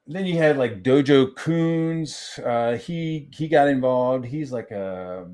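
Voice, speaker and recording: A man's voice: medium pitch, slow, darkish tone. A man and crowdfunding creator ranting casually on a stream, heated and swearing constantly, often restarting his sentences. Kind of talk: profane casual rant on a stream.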